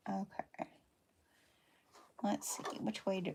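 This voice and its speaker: A woman's voice: medium pitch, animated, slow, creaky, a little hiss or hum. A woman hosting a casual sewing livestream from her home, chatting and thinking aloud as she works. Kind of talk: casual sew-along demonstration.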